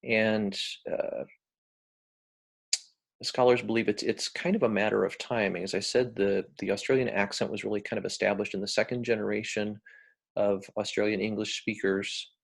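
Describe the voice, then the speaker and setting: A man who is a university English professor, giving a lecture in a measured way with frequent fillers and restarts. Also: fairly low pitch, steady tone, vocal fry.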